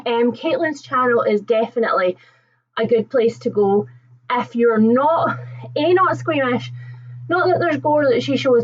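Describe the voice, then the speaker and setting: A higher-voiced woman chats casually with her livestream viewers, out of breath after running down the stairs and laughing often at herself. The sound is dull and lo-fi, typical of a webcam mic. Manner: chatty and self-deprecating, laughs often. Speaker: booktube host.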